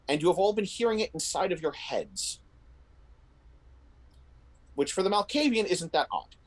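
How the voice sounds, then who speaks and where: A man's voice: on the high side, breathy edge, poor audio. A man narrating a tabletop role-playing game as game master, telling the scene in vivid detail. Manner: descriptive, animated storytelling with frequent restarts.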